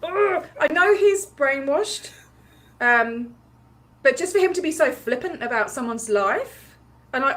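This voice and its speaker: Mulher australiana animada e tagarela, voz um pouco aguda. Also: female voice, high voice, a little slow. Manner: chatty, animated, laughs often, many fillers. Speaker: activist livestream host. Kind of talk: casual storytelling recap.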